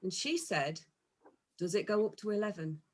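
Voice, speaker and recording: A woman's voice: mid-range voice, animated, moderate pace, slight background noise. A woman hosting an online comedy night over a video call, giggling often and giving jokey introductions. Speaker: compere of an online comedy gig. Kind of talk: comedy compering.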